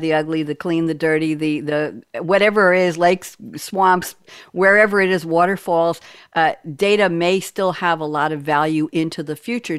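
A woman's voice: deep voice, clean tone, dry recording, clean studio sound. A woman hosting a panel discussion, chatty and self-deprecating, reading out quotes and making asides. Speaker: host.

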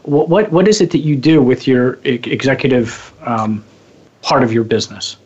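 Man, radio talk host, stumbling questions, middle pitch, muffled lo-fi audio. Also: moderate pace, darkish tone, husky. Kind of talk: radio interview. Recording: slightly dull, lo-fi sound.

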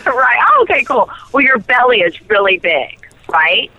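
A woman's voice: a little high, big pitch swings, moderate pace, pushed and bright. A woman, an actress guest, telling a personal story in a chatty, giggly way with lots of fillers, heard over a phone line. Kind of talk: casual chat.

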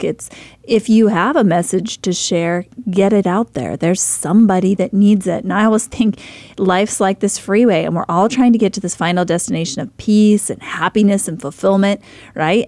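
A woman's voice: medium pitch, a little mellow, no room sound. A woman podcast host interviewing a guest, encouraging and reflective, laughing along with the stories. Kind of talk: interview conversation.

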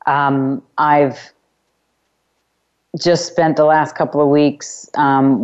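A woman hosting a self-help call-in radio show, speaking in unhurried, emphatic phrases and repeating chanted clearing phrases. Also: low-pitched, a little mellow, lo-fi sound.

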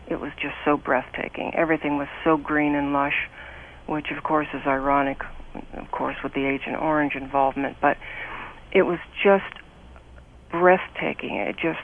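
A woman's voice: low-pitched, creaky, slight background noise. An older woman from the United States, a guest recalling her past in an earnest, emotional way, speaking over a phone line. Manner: earnest and emotional, with many restarts. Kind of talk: interview, personal recollection.

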